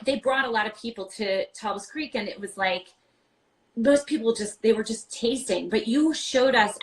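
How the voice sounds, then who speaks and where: A woman in her forties from New York, chatting animatedly as a guest on a video-call interview, full of quick asides and "like" fillers. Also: on the high side, low-quality recording. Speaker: guest, wine podcast host. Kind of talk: casual interview chat.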